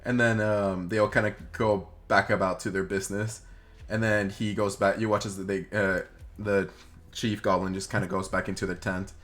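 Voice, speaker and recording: Young male game master, lowish bright voice, chatty rambling narration. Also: flat delivery, normal speed. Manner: rambling, full of fillers.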